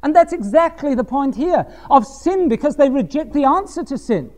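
Brief: male preacher, emphatic and lively, pitch rising and falling widely, slows down for scripture readings. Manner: emphatic, rhetorical questions, reads scripture slowly. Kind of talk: sermon.

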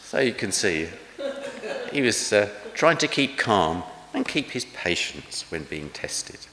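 A man, preaching in a chatty, gently humorous way with anecdotes. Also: fairly low pitch, very animated, slow, a little hiss or hum. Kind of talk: conversational sermon with anecdotes. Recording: echoey hall with long reverb.

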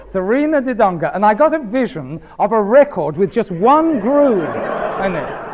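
A man, preaching by telling anecdotes in an animated way and acting out the voices of the people he quotes. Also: high-pitched, unhurried, crowd noise. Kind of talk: anecdotal sermon storytelling.

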